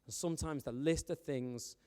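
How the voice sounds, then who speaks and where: A man, a youth pastor preaching in a chatty, animated, storytelling way. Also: on the high side, moderate pace. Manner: chatty, animated, joking with the young audience. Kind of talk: informal storytelling sermon. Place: church hall. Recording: long hall reverb.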